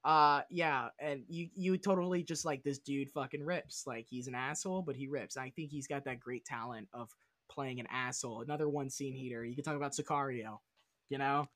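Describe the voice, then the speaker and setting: A man's voice: medium pitch, fairly even intonation, normal speed, a bit bright, no echo, studio quality. A man talking as a guest on a casual film podcast, rambling and swearing enthusiastically as he goes off on tangents.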